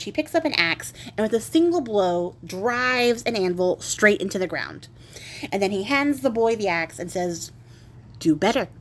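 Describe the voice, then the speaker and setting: Chatty woman retelling a fairy tale. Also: mid-range voice. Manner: wry, chatty, laughs and swears. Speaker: craft video host.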